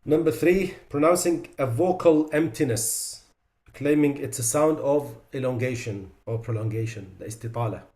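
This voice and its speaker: A man leads a recitation class and walks through common pronunciation mistakes one by one. His voice sits at a middle pitch, and he switches between reciting examples clearly and quietly correcting them. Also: normal speed. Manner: demonstrates sounds by reciting them, then drops his voice to correct them. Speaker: Quran recitation teacher. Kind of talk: tajweed lesson.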